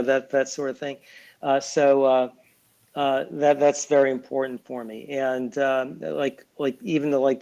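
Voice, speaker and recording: A man's voice: medium pitch, a little mellow, lo-fi sound. A man guest on an interview podcast, talking casually with many fillers and restarts. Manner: acts out quotes in other voices. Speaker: guest, lawyer and children's author.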